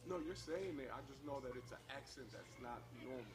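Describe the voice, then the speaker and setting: A congregation member, a man, patiently correcting the pastor's pronunciation in a soft voice. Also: medium pitch, brisk.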